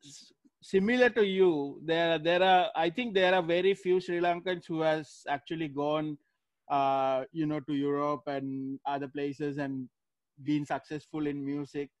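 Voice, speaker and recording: Male host, fairly high voice, dry close sound, asks questions hesitantly. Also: fairly even intonation, measured pace, dry recording. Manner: short affirming replies, hesitant questions. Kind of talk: casual interview chat.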